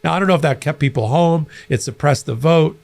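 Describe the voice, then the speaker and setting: A middle-aged man hosting a political commentary show, talking in an animated, conversational way with frequent restarts. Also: fairly high pitch, a little fast, vocal fry. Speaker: host.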